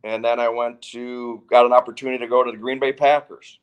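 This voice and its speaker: A man's voice: medium pitch, level tone, brisk, clear, resonant tone, lo-fi sound. An older man from Wisconsin, a football coach telling stories of his career in a chatty, easygoing way. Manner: chatty, restarts phrases. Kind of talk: casual interview storytelling.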